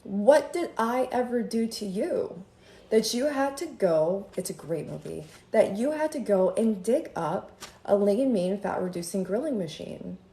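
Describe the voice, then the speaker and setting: A woman chatting on a live stream from home in a gossipy, animated way, now and then drifting into sing-song lines. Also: medium pitch, a little slow. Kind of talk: rambling casual live-stream chat. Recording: roomy echo with faint ambience.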